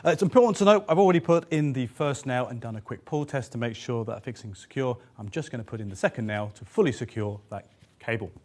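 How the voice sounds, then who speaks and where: A man's voice: medium pitch, fast, darkish tone. A man presenting a power tool demonstration in an upbeat, explanatory way. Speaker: product demonstrator.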